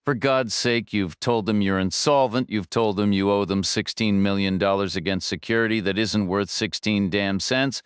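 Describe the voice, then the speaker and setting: A man voicing a furious, panicking male finance director who shouts insults while out of breath. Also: lowish voice, steady tone, normal speed, hardly any pauses, clear, resonant tone, no echo, studio quality, natural voice. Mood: panicked.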